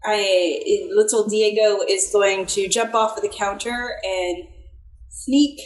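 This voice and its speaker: A woman's voice: medium pitch, steady tone, takes it slowly, reverberant, poor audio. A woman playing a tabletop game, describing her character's moves in a playful, hesitant way.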